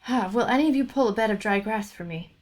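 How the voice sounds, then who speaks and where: A woman's voice: medium pitch, fast talker, close to an everyday voice, rough recording. A woman reading aloud as a battered male robber captain who complains at length about his injuries. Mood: aggrieved. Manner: complaining, exaggerated storytelling.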